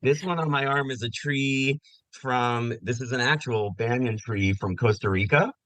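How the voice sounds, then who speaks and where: This is a man in his fifties, a guest on a podcast, talking casually about his life. His voice is bright and forceful at an ordinary pitch. He tells stories with energy and slips into the voices of people he quotes, recorded dry and close. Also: moderate pace, no echo, poor audio. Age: 50s. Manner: animated storyteller who acts out quoted voices. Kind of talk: casual storytelling interview.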